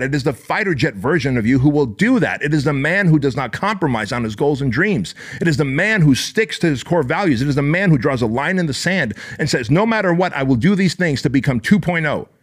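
A man's voice: on the high side, expressive, a little fast, hardly any pauses. A man hosting a podcast, delivering an intense, profane, emphatic motivational monologue. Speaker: podcast host.

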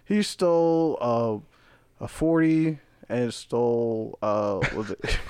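A young man tells a wild story on a podcast. His voice sits in a middle pitch, and the close, dry mic gives it no room sound. He talks loosely and swears a lot, jumping into other people's voices as he goes. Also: takes it slowly, clean tone, no echo. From Brooklyn, New York. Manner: animated, profane, acts out quoted voices. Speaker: podcast guest. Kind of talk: casual storytelling chat.

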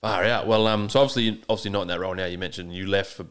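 Laid-back deep-voiced Australian host. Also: male voice, fairly even intonation, very fast, a bit bright, clean tone. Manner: laid-back, swears often. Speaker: podcast host. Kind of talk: casual chat.

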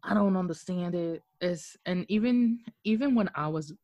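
A woman from Okinawa in casual conversation with friends, talking in an animated, candid way and swearing now and then. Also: fairly low pitch, moderate pace, no room sound. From Okinawa, Japan. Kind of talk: casual chat.

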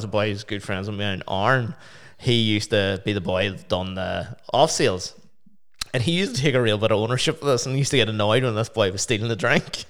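Low-voiced Northern Irish man. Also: fairly bright tone. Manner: laughing, sweary anecdote teller. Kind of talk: casual chat.

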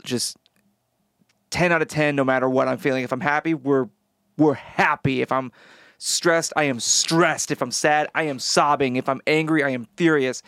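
A man co-hosting a podcast, talking in an animated way, blurting out pop culture references and swearing casually. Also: mid-range voice, moderate pace, no room sound, studio quality. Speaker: podcast co-host and actor. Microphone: studio podcast microphone.

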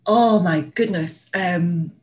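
Poor audio captures a woman from Northeast England taking her time in a fairly low, somewhat mellow voice. As a podcast co-host in a casual chat, she rambles through anecdotes with lots of fillers and laughter.

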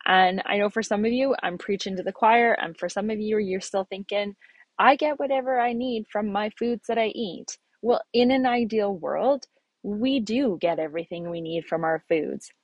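A middle-aged woman giving a casual instructional talk about habits and nutrition, earnest and animated, speeding up and slowing down as she makes her points. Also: medium pitch, no echo. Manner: earnest, animated, with bursts of faster and slower phrasing.

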